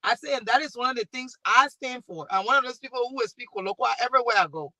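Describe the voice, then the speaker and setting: A woman from Liberia with a Liberian accent, speaking as a panelist and talk show host who tells animated stories and acts out the dialogue. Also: on the high side, fast, no room sound. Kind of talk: panel discussion.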